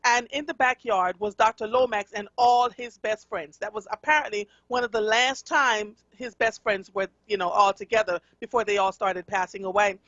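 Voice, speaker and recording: A woman's voice: mid-range voice, fairly even intonation, normal speed, few pauses, a bit bright, no room sound, lo-fi sound. A woman with a Jamaican accent hosting a radio talk show, speaking earnestly and conversationally with frequent fillers.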